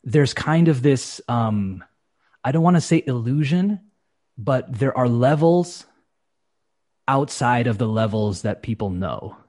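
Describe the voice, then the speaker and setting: An English teacher in a casual podcast conversation speaks a little slowly in a mid-range male voice. He animatedly acts out quotes, switching between voices.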